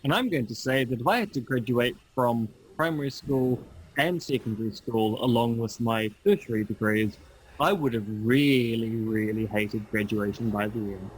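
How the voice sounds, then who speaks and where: A man's voice: mid-range voice, moderate pace, slight background noise, poor audio. A man co-hosting a podcast, chatting casually and making dry, wry quips. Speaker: podcast co-host. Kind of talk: casual chat.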